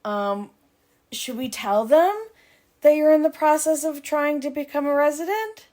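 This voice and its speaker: A woman's voice: high voice, a little slow, dark tone. A woman from Canada in her thirties, co-hosting a podcast in casual, giggly, self-mocking chat. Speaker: podcast co-host.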